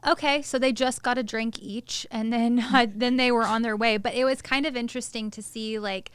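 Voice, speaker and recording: A woman's voice: fairly high pitch, fairly even intonation, normal speed, clear, resonant tone, dry recording. A woman co-hosting a casual podcast, chatty and recapping scenes with lots of "like"s. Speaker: co-host.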